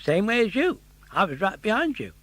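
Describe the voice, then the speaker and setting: A man's voice: high-pitched, sing-song, fairly quick, a bit bright, dry recording, pitched above the performer's own voice, heavily acted. A man doing a chirpy, friendly talking fish. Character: friendly male tunny fish, chatty helper.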